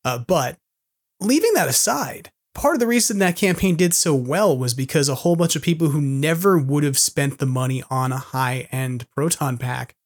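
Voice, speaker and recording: A man's voice: fairly high pitch, animated, moderate pace. A man hosting a podcast, chatting casually and agreeably, often trailing off. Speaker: podcast host. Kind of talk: casual chat.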